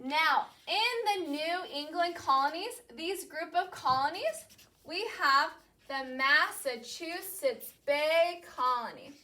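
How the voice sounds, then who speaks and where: A young woman teaching a class, her voice high and bright. She talks slowly and clearly and repeats each key word so the students can echo it back. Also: expressive. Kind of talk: classroom lesson with call-and-response.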